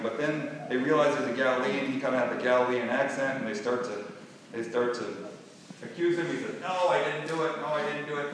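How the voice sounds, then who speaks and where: A man teaching a casual Bible lesson and staging a skit, talking in a rambling way with many restarts and fillers. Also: mid-range voice. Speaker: youth or Bible class teacher. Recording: echoey hall, mic far off.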